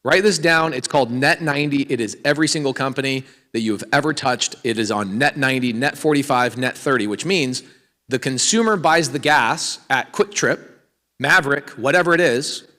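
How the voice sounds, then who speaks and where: A man's voice: mid-range voice, moderate pace. Man lecturing a seminar crowd in a hall. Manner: energetic, quizzing the crowd with questions. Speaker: real estate speaker. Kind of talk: live seminar talk to an audience. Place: large hall with an audience.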